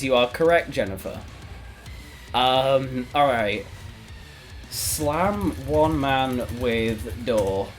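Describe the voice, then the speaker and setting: Man streaming a text adventure. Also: medium pitch. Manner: reacts with sudden loud outbursts and laughs. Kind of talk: reading a text adventure aloud while playing. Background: faint background music.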